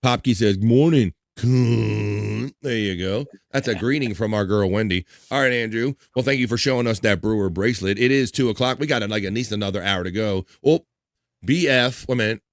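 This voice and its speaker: A man's voice: fairly low pitch, fairly quick, no echo, studio quality. A man hosting a live stream, reading chat messages aloud and making crude jokes in casual banter. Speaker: livestream show host.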